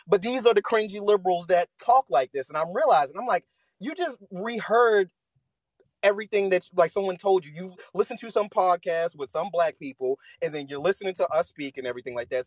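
A man calling in to a podcast, telling a story in an excited, casual way and often jumping his voice up high. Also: a little fast, dry recording, muffled recording. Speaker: caller. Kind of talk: casual call-in chat.

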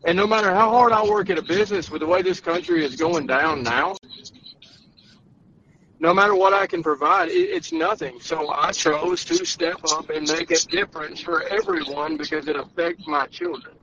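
High-pitched guy arguing politics on a call-in show, blunt, kinda muffled line, faint car noise. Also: lively intonation, moderate pace, bright, forceful tone. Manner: blunt, argumentative and emphatic. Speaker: political candidate. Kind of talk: call-in podcast debate.

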